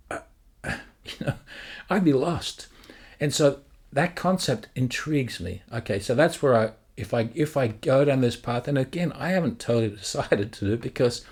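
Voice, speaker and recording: A man teaching songwriting in a casual, rambling way, thinking out loud as he works through ideas. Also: mid-range voice, husky. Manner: rambling, thinks aloud, sings lyric drafts. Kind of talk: casual thinking-aloud lesson.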